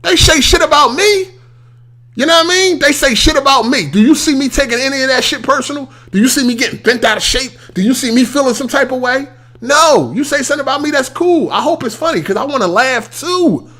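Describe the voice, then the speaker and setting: A man's voice: very high voice, lively intonation, fast talker, fairly bright tone. A young man hosting a podcast, ranting in a heated, casual way, swearing and repeating his points for emphasis. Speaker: podcast host.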